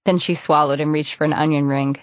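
Low-voiced woman narrating an audiobook. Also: fairly even intonation, brisk, dry recording. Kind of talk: scripted narration.

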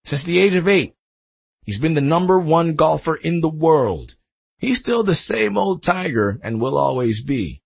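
A bragging older father with a gravelly, husky voice, as an audiobook narrator puts him on. He talks emphatically, and his pitch swings widely as he boasts about his son. The delivery is louder and higher than the narrator's usual reading. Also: animated, a little slow, full character voice. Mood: boasting.

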